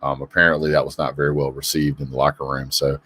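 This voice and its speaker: A very deep voice with a sharp edge, level in tone and fast-talking, belongs to this live sports show host. He reads the chat during a casual call-in session, greeting people by name and giving opinionated, chatty responses.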